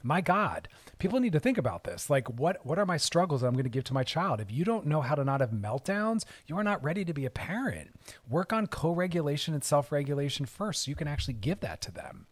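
A man's voice: a little high, very animated, quick pace. A man giving an earnest talk on emotions and parenting, speaking in an emphatic, direct, coaching way.

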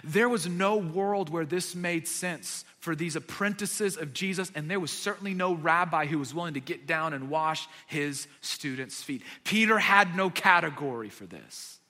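A man's voice: a little high, moderate pace, hardly any pauses, sharp tone, in a large hall. A man preaching a sermon, retelling a scene with vivid dramatic emphasis. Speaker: pastor.

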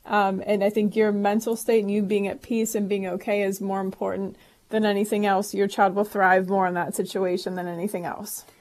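A woman's voice: medium pitch, level tone, fairly quick, a little mellow. A woman co-hosts a call-in advice show, talking earnestly to reassure parents and callers. She circles back and restarts her phrases as she works through her thoughts. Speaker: co-host. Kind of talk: casual advice talk.

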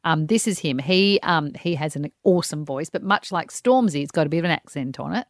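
Low-voiced, chatty woman co-host. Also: expressive, fairly quick, no echo, studio quality. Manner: chatty, amused, often laughing. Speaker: podcast co-host. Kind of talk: casual banter, presenting a list.

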